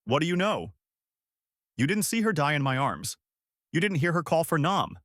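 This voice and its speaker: A man voicing a grieving young woman teacher who shouts and pleads through tears. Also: medium pitch, big pitch swings, normal speed, dry recording, clean studio sound. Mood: anguished shouting.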